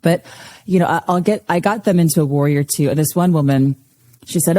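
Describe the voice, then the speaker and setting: A woman's voice: low-pitched, a little fast, warm tone, in a large hall. A woman yoga teacher, a podcast guest, telling stories in casual chat and laughing often.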